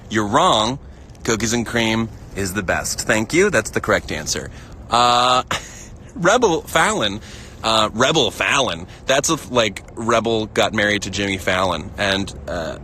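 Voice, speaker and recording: Bright, giggly man chatting live. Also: medium pitch, a little hiss or hum. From United States. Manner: chatty and giggly, many fillers and restarts. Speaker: livestream host reading chat. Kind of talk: casual live-stream chat. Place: outdoors in a field.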